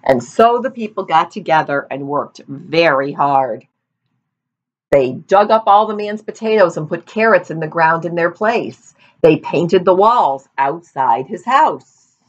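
A woman reading a storybook aloud to children, lively, with playful asides, on a dull lo-fi recording. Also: lowish voice, unhurried.

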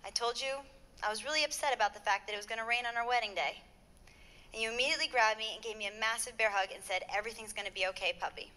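A woman's voice: fairly high pitch, fast talker, bright, forceful tone. A young woman, the bride, reading heartfelt wedding vows at her ceremony. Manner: heartfelt, earnest, with light laughs.

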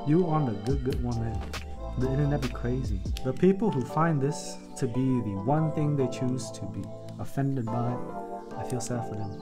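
A man's voice: mid-range voice, normal speed. Chatty man with music behind. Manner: laughs often, swears freely, rambles. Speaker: keyboard-building streamer. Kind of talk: casual stream chat while building. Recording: background music under voice.

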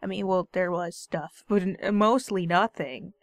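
A woman's voice: fairly low pitch, measured pace, hardly any pauses, dry recording. A woman giving casual gaming commentary, bantering playfully and sarcastically with the character on screen. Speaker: let's play gamer.

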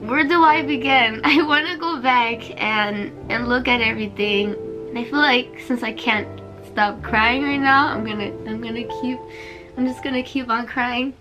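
A woman's voice: a little high, steady tone, normal speed, highs cut off. Emotional, exclaiming young woman. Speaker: video reactor. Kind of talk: reaction vlog. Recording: trailer music playing behind.

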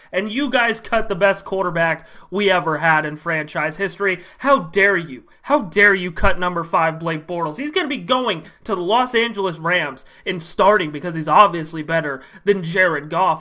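A man's voice: high-pitched, pushed and bright. A man doing a gushing, defensive superfan. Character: devoted male fan of a benched quarterback.

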